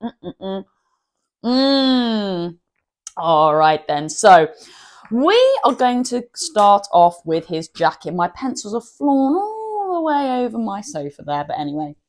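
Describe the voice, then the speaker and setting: A woman's voice: mid-range voice, sing-song, slow pace. A woman hosting an art channel, giving a chatty drawing tutorial and laughing at herself now and then.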